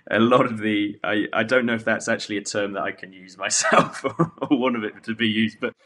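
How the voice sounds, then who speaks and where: A man's voice: lowish voice, fairly quick, pushed and bright. A man being interviewed as a veterinarian and charity founder, talking modestly and hesitantly. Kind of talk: casual interview chat.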